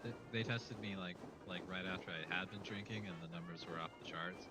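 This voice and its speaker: An American man telling stories in animated casual chat, getting defensive when teased. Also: sits low, fairly quick, heavy background noise. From United States.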